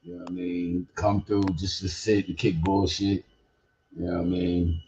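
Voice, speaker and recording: A man's voice: low voice, very animated, moderate pace, gravelly, warm tone, lo-fi sound, slight background noise. An older man hosting a podcast, talking in a loose, rambling, slangy way full of profanity and "you know what I mean.". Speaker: podcast host. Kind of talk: casual livestream chat.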